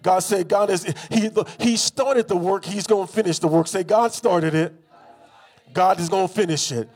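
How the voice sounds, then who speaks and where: High-voiced preacher leading a call-and-response sermon. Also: male voice, normal speed, a little mellow, slightly rough. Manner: call-and-response, has congregation repeat phrases; rhythmic repetition, rising to emphatic bursts.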